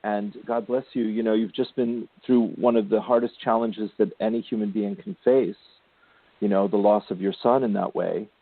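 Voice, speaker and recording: A man hosting a spiritual radio show, gently counseling a caller and calling her darling and sweetie. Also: on the low side, fairly even intonation, normal speed, vocal fry, no echo. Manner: gentle, affectionate, calls listeners darling and sweetie. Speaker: spiritual intuitive radio host. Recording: tinny phone-line sound, dry.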